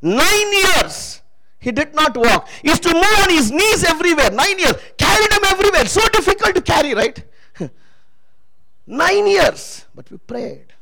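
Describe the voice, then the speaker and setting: A man with a strikingly high, bright voice preaches with emphatic energy, his pitch swinging widely as he keeps calling on the congregation to answer him. A gravelly edge runs under his words. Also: very animated, a little slow, poor audio. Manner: emphatic, calls out to the congregation for responses. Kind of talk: sermon testimony.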